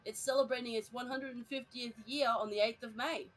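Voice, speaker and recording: A woman's voice: a little high, fairly even intonation, fairly quick, faint music behind, rough recording. A woman streaming a game and chatting casually, hesitant, with many fillers, restarts and laughs. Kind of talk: casual chat while gaming.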